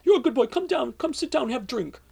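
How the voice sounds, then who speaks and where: A doting older barkeep woman , put on by a man telling a story, with a heavy Polish accent. The voice jumps up high and loud, fussing like a fond grandmother. It stays gravelly underneath. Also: expressive, quick pace, heavily acted.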